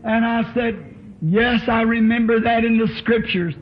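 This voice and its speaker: A man's voice: very high-pitched, fairly even intonation, a little slow, a little hiss or hum. A man preaching a sermon in a church, telling his story with fervent emotion. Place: church tabernacle. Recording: dull lo-fi old tape recording.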